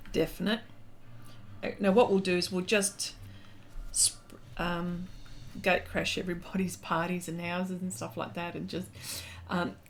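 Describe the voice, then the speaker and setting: A woman's voice: lowish voice, gravelly, slight background noise. An Australian woman hosting a casual art livestream, chatting and reading viewer comments aloud with lots of fillers and laughter.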